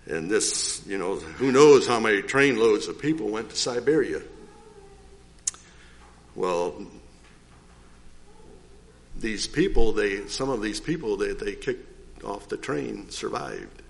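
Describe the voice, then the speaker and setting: An older man giving a rambling, folksy testimony in church, clearing his throat often. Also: fairly low pitch, expressive, slow, long pauses. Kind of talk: informal testimony.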